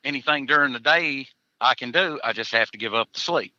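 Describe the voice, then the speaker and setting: A man's voice: mid-range voice, brisk, pushed and bright, dry recording, highs cut off. A man, a hunter chatting as a podcast guest in a folksy, joking way, chuckling between answers. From Tennessee, USA. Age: 40s. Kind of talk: casual podcast interview.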